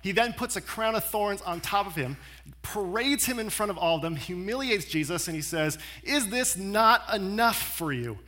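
A man preaching a sermon as a pastor, telling the story in a conversational, animated way. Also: high voice, moderate pace.

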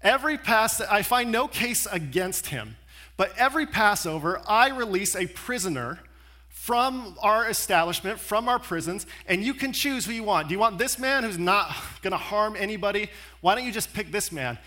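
A man's voice: high voice, animated, moderate pace, bright, forceful tone. A man voicing a weary, exasperated Roman governor who talks in a casual, modern way. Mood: bargaining. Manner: casual, modern-speaking, frustrated.

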